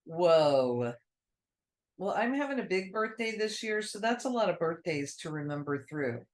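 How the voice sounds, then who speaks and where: A woman co-hosting a casual chat about cross-stitching, talking in a relaxed, conversational way. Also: lowish voice, unhurried.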